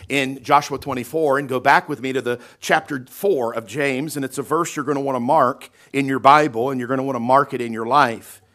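A man pastor preaching a sermon in a church, emphatic and folksy, swinging between loud, stretched-out lines and quiet asides while asking the congregation questions. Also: medium pitch, fairly even intonation, fairly quick, few pauses. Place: church sanctuary.

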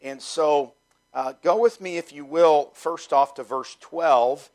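A man's voice: fairly high pitch, slow pace, a little mellow. Folksy middle-aged man preaching a sermon. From Canada. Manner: folksy, conversational, asks the congregation questions. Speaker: pastor. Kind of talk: sermon with prayer.

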